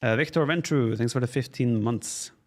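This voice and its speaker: A man doing casual live-stream commentary on an esports match from his home office, relaxed and thinking aloud while reading out chat questions. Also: mid-range voice, normal speed.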